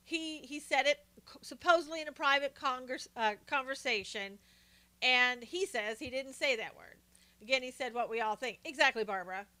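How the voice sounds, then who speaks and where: A woman's voice: high voice, normal speed, sharp tone. An older woman hosting a casual political commentary livestream, chatting and greeting viewers by name as she talks. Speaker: live stream host.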